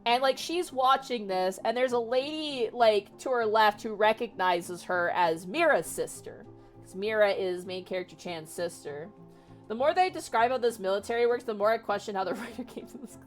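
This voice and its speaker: High-voiced exasperated woman streamer. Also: moderate pace. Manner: exasperated, animated, swears freely. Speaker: VTuber streamer. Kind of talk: casual livestream book retelling. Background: faint music.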